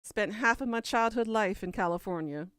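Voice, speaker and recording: Southern gal from kentucky rambling thru viewer comments, smooth clear voice, dry close sound. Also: female voice, mid-range voice, normal speed, a bit bright, no room sound. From Kentucky, USA. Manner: chatty, rambling, answers comments aloud. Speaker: podcast host answering viewer comments. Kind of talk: casual chat.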